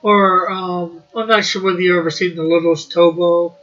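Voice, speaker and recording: Man from canada, high pitch, bright tone, dull lo-fi audio, brief agreeable replies. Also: steady tone, normal speed. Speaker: comic artist, co-host. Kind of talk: casual chat.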